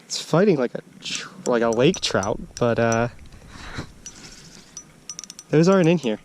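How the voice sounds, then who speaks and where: An excitable man talking casually to the camera, outdoors on a frozen lake, with a faint outdoor hush behind him. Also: medium pitch, a little slow, a little hiss or hum. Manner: excitable, exclaims loudly when he lands a fish. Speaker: angler filming his fishing trip. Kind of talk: casual running commentary.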